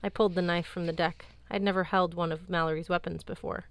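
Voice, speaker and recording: A woman narrating an audiobook in a measured, even tone, recorded close on a studio mic. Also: fairly low pitch, no room sound. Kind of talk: scripted narration.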